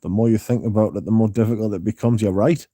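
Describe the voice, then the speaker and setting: A man's voice: lowish voice, fairly even intonation, fast, warm tone, dry recording. A man hosting a casual livestream, reading viewer comments aloud and answering them with dry, sardonic banter. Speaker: livestream host.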